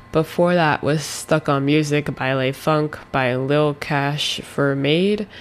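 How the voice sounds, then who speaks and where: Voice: mid-range voice, gravelly, slight background noise. A college radio DJ in a studio, giving a casual mic break in a meandering, hedging way and correcting themselves mid-sentence.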